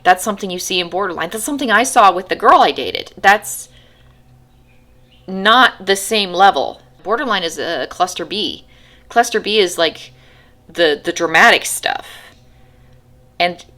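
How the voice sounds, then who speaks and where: A woman's voice: fairly low pitch, sharp tone. A woman vlogging casually to camera, rambling with many restarts and acting out her own frustrations. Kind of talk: casual talking-to-camera vlog.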